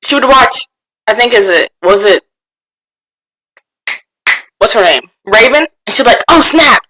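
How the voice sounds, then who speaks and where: A woman co-hosting a podcast, chatting casually and reading forum posts aloud, animated and quick to laugh. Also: medium pitch, background noise. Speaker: podcast co-host.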